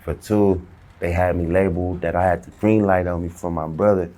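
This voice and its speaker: A man's voice: deep voice, fairly even intonation, brisk, mellow. A man in a casual interview, telling a story heavy with slang and acting out the dialogue himself. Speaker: interview guest.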